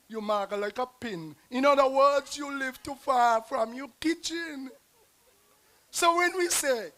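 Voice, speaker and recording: A man with a Nevisian Creole accent performing a rhyming dialect poem as a guest poet, with a rhythmic delivery and dramatic swings in loudness. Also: very high voice, expressive, slow pace. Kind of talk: performance poetry recital. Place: outdoor stage at a festival square.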